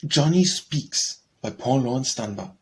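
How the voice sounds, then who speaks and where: A man reading poems for an audiobook, calmly announcing each title and author before the verse. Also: mid-range voice, a little slow, breathy edge. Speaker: audiobook reader. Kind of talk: poetry reading.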